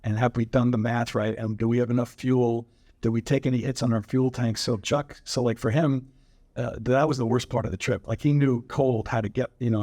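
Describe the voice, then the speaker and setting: A man's voice: mid-range voice, darkish tone, no room sound. Man moderator, chatty explainer, dry close sound. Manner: conversational, many fillers. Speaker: panel moderator. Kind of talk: explanatory panel talk.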